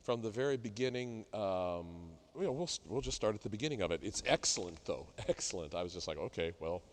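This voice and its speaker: A middle-aged man coaching a singer in a masterclass, talking haltingly with many fillers and sung demonstrations. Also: lowish voice, animated. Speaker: vocal coach leading a masterclass. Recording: reverberant hall.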